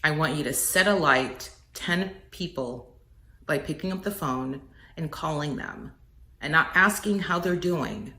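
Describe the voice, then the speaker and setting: A woman's voice: low voice, unhurried, pushed and bright, roomy sound. A middle-aged woman giving an earnest, preacher-like motivational message, swelling on key words. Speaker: inspirational speaker.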